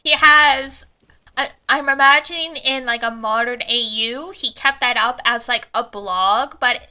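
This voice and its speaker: A woman's voice: a little high, a little slow, sharp tone. A young adult woman streaming a game, chatting casually and rambling with lots of fillers and giggles. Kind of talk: casual gaming stream chat.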